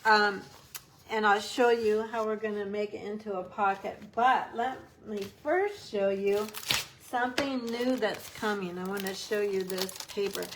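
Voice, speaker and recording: A woman's voice: mid-range voice, steady tone, a little slow, a little hiss or hum, poor audio. A woman giving a casual, upbeat craft tutorial, chatting as she works with her hands. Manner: chatty, upbeat, talks while working with hands. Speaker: papercraft demonstrator.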